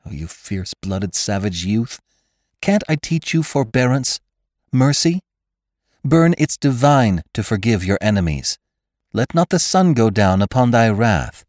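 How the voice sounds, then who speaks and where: A man voicing an earnest, devout young ranch woman who pleads in a raised, higher voice. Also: big pitch swings, unhurried, darkish tone, dry recording, studio quality. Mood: pleading.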